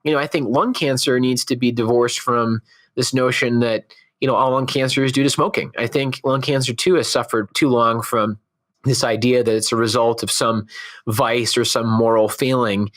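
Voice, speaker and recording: Man in his thirties, born in Scotland, American accent, earnest and reflective, mid-pitched voice. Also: steady tone, normal speed, a bit bright. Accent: American, Texan-leaning with faint Scottish traces. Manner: earnest, reflective, laughs easily. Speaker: oncologist guest. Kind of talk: conversational interview.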